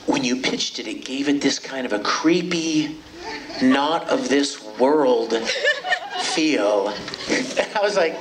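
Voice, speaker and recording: This is casual panel talk: a middle-aged voice actor at medium pitch takes his time, playfully joking and spinning animated stories for fans on a convention stage. He uses a handheld mic, and the distant audience recording picks up a noisy hall.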